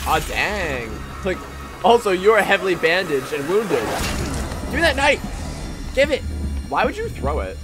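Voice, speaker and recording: An excitable man rambles through let's play commentary, his voice pitched high and swinging wildly. He jokes and talks back at the screen. Game music runs clearly underneath. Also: moderate pace, pauses often. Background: game music and sounds.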